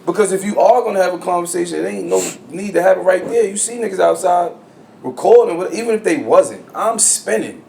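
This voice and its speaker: A man co-hosting a podcast in casual chat, blunt and full of slang, getting loud and animated when he is worked up. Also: high-pitched, brisk, creaky. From New Jersey. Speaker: podcast co-host. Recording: echoey room with faint ambient noise.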